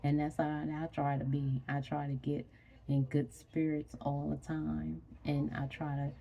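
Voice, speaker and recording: Sleepy, slow, low-voiced woman. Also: little pitch movement, vocal fry, dark tone, muffled recording. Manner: slow, rambling, sleepy and yawning. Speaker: vlogger. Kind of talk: casual chat to camera.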